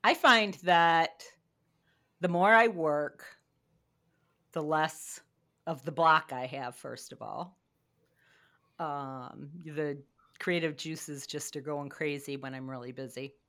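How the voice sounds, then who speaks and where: A middle-aged woman co-hosting a podcast in casual chat, laughing easily and speaking in a measured way. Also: sits low, a bit bright. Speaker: podcast co-host.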